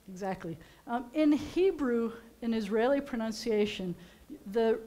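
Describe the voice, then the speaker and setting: A woman's voice: mid-range voice, darkish tone. A woman rabbi, chatting playfully as she teaches Hebrew letters at a service. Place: synagogue sanctuary.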